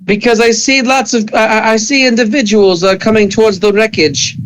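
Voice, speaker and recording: A man's voice: sits high, steady tone, a bit bright, low-quality recording. A man narrating a tabletop game as game master, describing scenes in a rambling way full of fillers and restarts. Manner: rambling, halting with many fillers.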